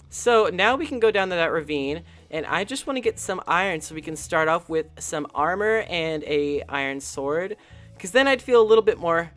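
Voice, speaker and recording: A channel host giving casual, chatty commentary over a game, excitable and full of gasps and little coos. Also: mid-range voice.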